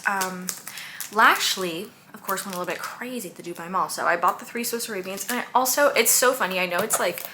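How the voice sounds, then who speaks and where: A woman's voice: mid-range voice, noisy background. A woman chatting casually in a haul vlog, talking in a chatty, rambling way full of asides. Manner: chatty, lots of "like" and "you know", shifts between quick and drawn-out. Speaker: fragrance content creator.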